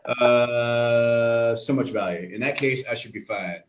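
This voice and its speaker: A man's voice: medium pitch, steady tone, slow pace. Rambling man telling casual stories. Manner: rambling storyteller, goes off on tangents; acts out quoted voices in his stories. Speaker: co-host of a live web show. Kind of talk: casual chat.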